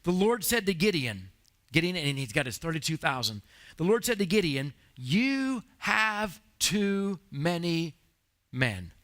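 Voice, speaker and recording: A male pastor preaching a sermon in a church, telling the story in an animated way with playful acted asides. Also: fairly high pitch, measured pace. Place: church sanctuary.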